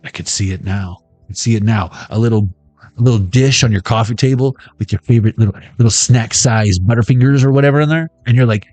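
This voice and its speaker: A man's voice: mid-range voice, quick pace, a little mellow, no echo. Jokey guy doing a tarot reading, rambles and swears, dry close sound w faint music. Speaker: tarot reader. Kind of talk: casual intuitive reading vlog.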